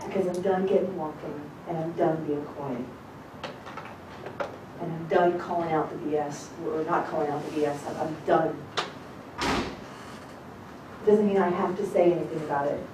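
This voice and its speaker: A woman teaching a congregation as rebbetzin. She gives an informal sermon, reading scripture slowly and then talking bluntly and casually. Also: deep voice, steady tone. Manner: emphatic and blunt, shifting between slow scripture reading and quick casual talk. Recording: echoey room, distant mic, noisy.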